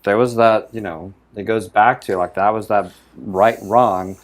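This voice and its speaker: A man's voice: fairly low pitch, fairly even intonation, a little slow. A man co-hosting a casual talk show, telling a reflective personal story and acting out the quoted dialogue. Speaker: show co-host. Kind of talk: casual conversation.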